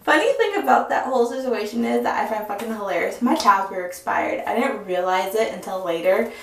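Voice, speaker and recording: Brief: young woman, lively cursing storyteller, recorded off-mic in a roomy space. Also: mid-range voice, brisk, creaky, far from the mic, a little hiss or hum. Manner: animated, profane, chatty storytelling. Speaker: vlogger. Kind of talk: casual storytime. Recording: echoey room, voice off-mic.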